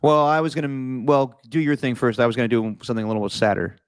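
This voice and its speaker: A man co-hosting a casual sports podcast, loose and animated, with casual swearing. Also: mid-range voice, fast, clear, resonant tone, no room sound. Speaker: podcast co-host.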